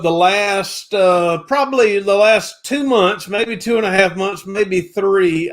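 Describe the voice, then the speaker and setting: A chatty man, his voice sitting high for a man. He hosts a casual live chat, greeting viewers one by one in a warm, folksy drawl. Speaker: livestream co-host.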